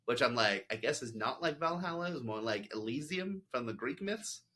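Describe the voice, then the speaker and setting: Casual podcast host, man, bright and talky, meandering recaps. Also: medium pitch, expressive, moderate pace. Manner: rambling, full of "like" and quoted asides. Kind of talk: casual chat.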